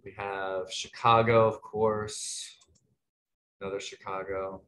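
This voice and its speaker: A man's voice: on the low side, flat delivery, slow pace, fairly bright tone. A man moderating an online panel, chatty and friendly, rambling with lots of fillers over a video call. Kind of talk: casual webinar hosting.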